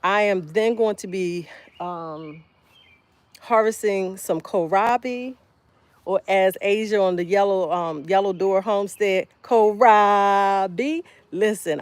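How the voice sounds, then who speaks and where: A woman's voice: fairly low pitch, fairly even intonation, measured pace, darkish tone, no echo. A woman hosting a casual livestream outdoors in her garden, chatting with viewers by name while she harvests. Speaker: homestead livestreamer.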